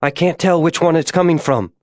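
A woman's voice: low voice, a little fast, darkish tone, no room sound, studio quality, voice pushed up, close to an everyday voice. A man voicing a frightened young woman who speaks anxiously and urgently in an audiobook. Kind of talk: audiobook character voice.

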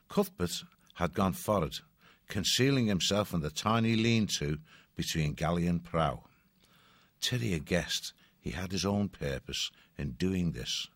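A male audiobook narrator reading a story at a measured, even pace. His voice sits low. The recording is dry and close, with no room sound. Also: no room sound.

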